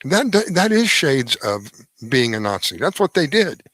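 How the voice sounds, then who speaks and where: A man's voice: medium pitch, big pitch swings, unhurried, a bit bright, dry recording, low-quality recording. A middle-aged man hosting a radio show, giving a rambling opinion monologue with restarts and heavy emphasis.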